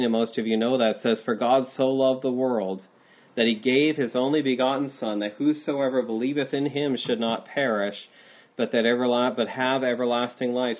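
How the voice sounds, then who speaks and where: A man preaching a sermon, stopping and restarting often with fillers like "um" and "uh". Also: mid-range voice. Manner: halting, repeats words, many fillers. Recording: slightly dull, lo-fi sound.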